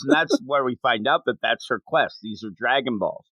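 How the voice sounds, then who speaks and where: A man co-hosting a casual podcast, talking with animated energy and laughing often as he acts out bits. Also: mid-range voice, normal speed, dry recording, low-quality recording. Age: adult, not young. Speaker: podcast co-host.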